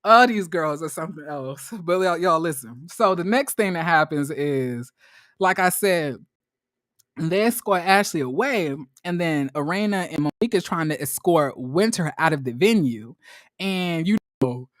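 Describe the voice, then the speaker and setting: In an unhurried, lively monologue full of slang, this man recaps a reality show and jumps up into high-pitched squeals as he performs the quotes. The studio-quality recording is dry.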